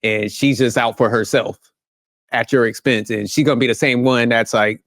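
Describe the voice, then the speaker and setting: A man's voice: mid-range voice, steady tone, moderate pace, a bit bright, dry recording. Heated profane man ranting, dry sound. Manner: heated, blunt, profane street-slang rant. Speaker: commentary channel host. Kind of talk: reaction rant commentary.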